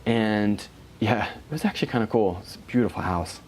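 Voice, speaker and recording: A man's voice: fairly low pitch, animated, normal speed, a little hiss or hum. A man, a health practitioner, telling a story to a small group in a conversational manner and acting out dialogue. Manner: conversational, acts out dialogue, asides to listeners.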